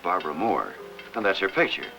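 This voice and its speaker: An actor playing a middle-aged hospital chaplain in a 1950s television drama, asking calm, earnest questions. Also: male voice, low-pitched, brisk, creaky, faint music behind, heavily acted, poor audio.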